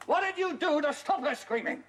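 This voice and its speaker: A man's voice: extremely high pitch, lively intonation, fairly quick, fairly bright tone. An actor playing a sly male detective who mocks a suspect with chuckles and needling questions. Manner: taunting, sing-song, chuckling between questions. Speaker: police detective. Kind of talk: broadcast drama acting.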